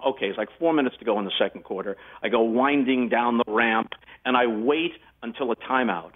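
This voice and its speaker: An older man telling animated anecdotes in a casual interview. His voice sits at a middle pitch and sounds somewhat husky. It comes through a narrow, phone-like remote line. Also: fairly quick. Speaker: guest sportscaster.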